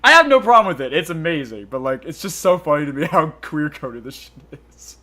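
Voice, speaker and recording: A man rambles through gameplay commentary with crude jokes and giggles, his pitch swinging lively. His tone is bright and forward. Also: fairly quick. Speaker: let's-play host.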